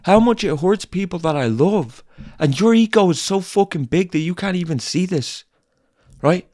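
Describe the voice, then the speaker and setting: A man with a fairly high voice rants at his listeners in an angry tough-love monologue. He swears constantly, hammers the same lines again and again, and lectures hard. The sound is close and dry, with no room echo. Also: animated, moderate pace, darkish tone. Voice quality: blunt, heavy swearing, repetitive. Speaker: podcast host.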